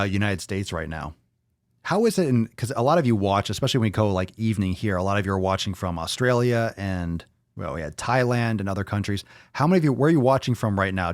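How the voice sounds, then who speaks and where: A young male podcast host talks in a low register, drifting from thought to thought and swearing casually. He keeps turning to his live viewers with questions. The sound is dry and close, with no room echo. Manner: rambling, profane, asks the audience questions. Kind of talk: casual livestream chat with viewers.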